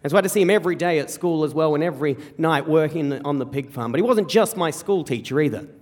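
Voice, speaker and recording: A young Australian man tells a comic story from his own life with a high, lively voice. He speaks at a quick clip, tripping and repeating words as he hurries along, animated and self-mocking throughout. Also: in a large hall. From rural South Australia. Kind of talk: live personal storytelling. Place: stage before an audience.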